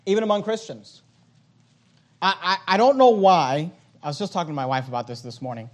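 A man preaching a sermon as pastor, emphatic, with loud high swings and quiet low drops. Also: a little fast.

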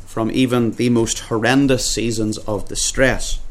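A man preaching an earnest expository sermon, often repeating words and slowing down when he quotes scripture. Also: medium pitch, steady tone. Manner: slows down when quoting scripture.

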